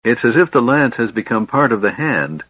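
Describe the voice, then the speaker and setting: A man voicing a worried young male elf in a tense, hurried manner. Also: medium pitch, big pitch swings, breathy edge, no echo, dull audio, voice pushed up.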